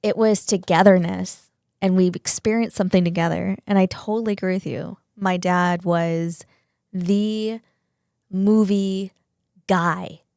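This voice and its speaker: A woman's voice: lowish voice, fairly even intonation, unhurried, vocal fry, darkish tone, no room sound, clean studio sound. A woman in her forties from Southern California chatting casually on a podcast, rambling with many fillers and some swearing.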